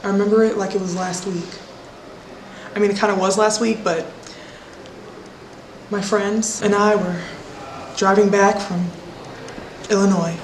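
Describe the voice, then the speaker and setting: Deadpan woman telling a story in a roomy space. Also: medium pitch, measured pace, pauses often. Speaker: filmmaker narrating her short film. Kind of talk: storytelling voice-over narration. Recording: roomy echo with faint noise.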